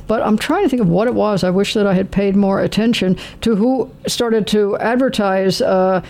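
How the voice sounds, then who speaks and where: A radio host chatting on air with a caller, often pausing and restarting mid-thought. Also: mid-range voice, darkish tone. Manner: halting, restarting, musing aloud. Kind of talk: casual on-air chat.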